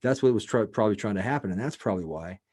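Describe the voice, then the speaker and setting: A man's voice: lowish voice, animated, very fast, darkish tone. A man hosting a show, telling a story in a loose, rambling, profane way with lots of fillers. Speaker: show host. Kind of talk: casual storytelling.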